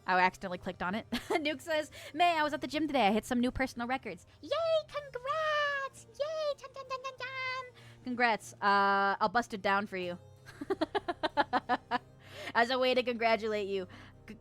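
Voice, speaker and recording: A young adult woman streaming and casually chatting as she reads chat, bubbly and giggly with playful squeals. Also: a little high.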